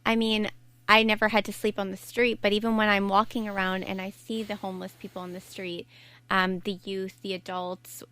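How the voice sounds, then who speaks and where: A young adult woman, a life coach appearing as a podcast guest, earnestly tells her own story in candid conversation. Her medium-pitched voice is level, brisk, bright, and forceful. She is reflective and frequently restarts her sentences.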